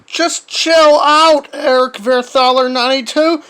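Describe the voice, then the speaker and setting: Man, reply commentary, lecturing, stiff phrasing, slow pace, fairly high voice. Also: fairly even intonation, sharp tone. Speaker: vlogger replying to a video. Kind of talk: calm commentary.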